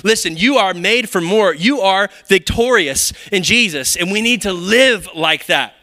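A high-voiced man with a strikingly bright, forceful tone delivers a sermon from the pulpit. He preaches in an animated, conversational way, peppering his points with rhetorical questions to the congregation. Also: a little slow. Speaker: pastor. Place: church sanctuary.

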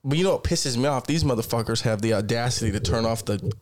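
A man's voice: mid-range voice, fast talker. A man co-hosting a podcast, telling casual stories full of swearing and acting out both sides of each exchange. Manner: animated, swears constantly, acts out exchanges. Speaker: podcast co-host. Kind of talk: casual profane storytelling.

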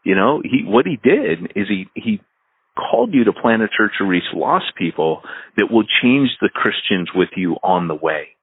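Deep husky man on a dry phone-like line. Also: normal speed, dry recording. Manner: animated storyteller, laughs at his own anecdotes. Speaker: podcast co-host, church planter. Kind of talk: casual podcast chat.

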